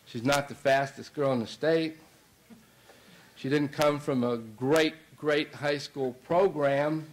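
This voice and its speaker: A man's voice: mid-range voice, poor audio. A middle-aged man, a basketball coach, telling a long anecdote in a banquet speech, with many fillers and restarts. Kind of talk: anecdotal after-dinner speech.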